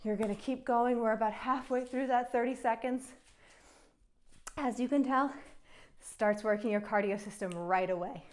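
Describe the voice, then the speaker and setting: A woman's voice: a little high, moderate pace. A young woman, out of breath, coaching a follow-along kettlebell workout and counting down reps with encouragement. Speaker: fitness instructor.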